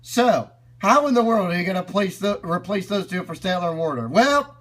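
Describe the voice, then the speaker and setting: A man's voice: sits high, lively intonation, normal speed, a bit bright. Upbeat man commenting on clips. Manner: enthusiastic, explains as he goes. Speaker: video reviewer.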